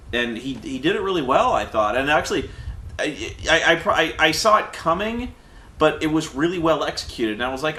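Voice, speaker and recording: Bright-voiced man doing a rambling movie review. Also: a little high, brisk, echoey room. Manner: animated, stammering, acts out quotes. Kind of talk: casual review chat.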